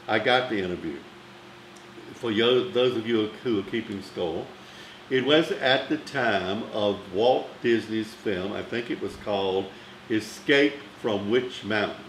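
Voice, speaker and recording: A man's voice: fairly low pitch, expressive, a little slow, roomy sound, a little hiss or hum, rough recording. An older man with a Southern accent, a former newspaper critic telling theatrical anecdotes in a chatty way. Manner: chatty, theatrical, name-dropping raconteur. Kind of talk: anecdotal storytelling.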